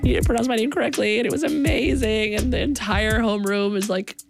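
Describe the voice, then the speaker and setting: A woman telling a personal story in a lively manner, acting out the people she quotes. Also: a little fast, gravelly, music in the background. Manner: lively, acts out quoted voices in a higher pitch.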